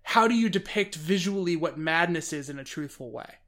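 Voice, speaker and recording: A man hosting a casual chat about films, talking in an animated, rambling way with frequent restarts. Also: fairly high pitch, brisk. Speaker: podcast host reviewing films.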